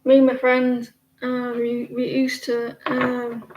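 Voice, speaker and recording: A woman's voice: fairly high pitch, completely flat delivery, takes it slowly, reverberant, muffled recording, slight background noise. A woman giving tarot readings on a casual livestream, chatting in a rambling way and often breaking off mid-sentence. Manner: rambling, chatty, self-interrupting. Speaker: tarot reader.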